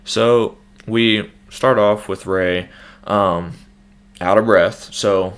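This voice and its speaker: Young man, host, fairly low voice, casual speculative commentary, filler-heavy. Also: fairly even intonation, extremely slow, very noisy. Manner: loose, speculative, many fillers and restarts. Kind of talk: casual trailer breakdown commentary.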